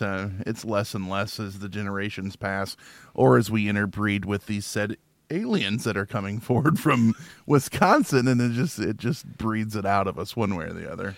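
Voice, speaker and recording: A man's voice: lowish voice, dry recording. A man from Illinois chatting casually on a podcast, joking and rambling with frequent laughs. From Illinois, near Chicago. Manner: jokey, rambling, laughs often.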